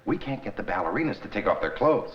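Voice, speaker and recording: A man's voice: lowish voice, sing-song, fast. An actor playing a flustered male aide at the governor's mansion who talks in a hurry. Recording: dull old TV audio, loud hiss and clicks.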